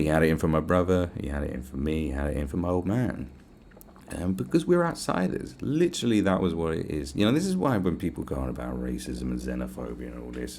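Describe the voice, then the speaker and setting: This podcast host is a young man from England with a low voice, heard over slight background noise. His storytelling is an animated, casual rant laced with swearing, and he raises his voice to act out quotes.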